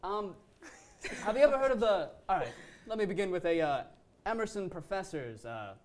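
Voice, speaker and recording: A man's voice: sits high, animated, normal speed. A young man arguing in a comic student debate, telling a story with lots of ums and uhs. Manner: hesitant storytelling with many fillers.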